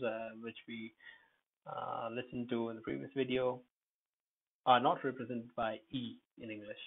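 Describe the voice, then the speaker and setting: A man teaching English pronunciation, repeating each word slowly and spelling out its letters. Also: mid-range voice, gravelly, narrow, tinny audio. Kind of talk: pronunciation lesson.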